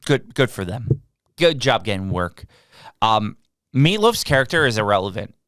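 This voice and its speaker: A man's voice: fairly low pitch, big pitch swings, normal speed, fairly bright tone, no echo, studio quality. A man co-hosting a podcast, recapping a film in casual chat with an exasperated, sarcastic edge. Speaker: podcast co-host. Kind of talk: casual movie review chat.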